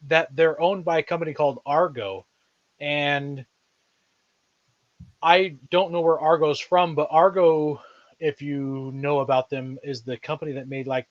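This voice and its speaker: A man's voice: medium pitch, no room sound, highs cut off. A man hosting a podcast in casual chat, rambling and thinking aloud as he talks. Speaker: podcast host.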